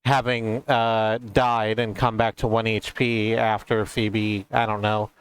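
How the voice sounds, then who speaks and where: A man's voice: lowish voice, flat delivery, takes it slowly, clean tone. A man streaming a game playthrough, joking and swearing as he goes. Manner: joking, swearing, self-mocking.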